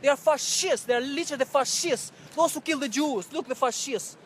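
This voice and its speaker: A man with a very high voice rants at his own handheld camera on a city street, hurling repeated accusations. His English has non-native phrasing, and the words tumble out at a rapid clip. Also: a little hiss or hum. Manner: loud, accusatory, repetitive ranting. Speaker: activist street vlogger confronting staff. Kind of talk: livestreamed street rant to camera. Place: outdoors on a city street by a building entrance. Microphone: handheld camera or phone he speaks into.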